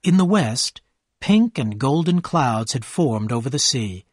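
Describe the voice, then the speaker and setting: A man reading a graded story aloud for English learners in slow, clear scripted narration. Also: mid-range voice, expressive, no echo, clean studio sound.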